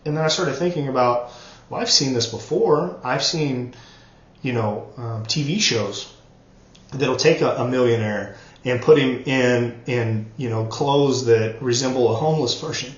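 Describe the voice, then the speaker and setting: A man's voice: mid-range voice, unhurried. Earnest man giving a roomy lo-fi pep talk. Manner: earnest, repeats words for emphasis. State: choked up, coughing. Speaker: network marketing trainer. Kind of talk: motivational training talk. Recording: roomy, dull lo-fi sound.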